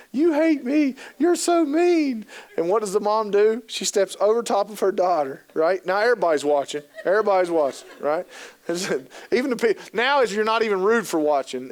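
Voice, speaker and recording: A man giving a humorous talk on working with youth, telling stories and acting out scenes. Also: sits high. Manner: animated, joking, acts out scenes. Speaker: keynote speaker on youth work. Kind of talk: humorous storytelling presentation.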